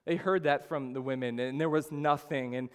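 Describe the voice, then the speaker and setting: A man preaching a sermon as a pastor, telling the story with sudden rises in pitch and volume. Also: steady tone, moderate pace, clear, resonant tone. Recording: long hall reverb.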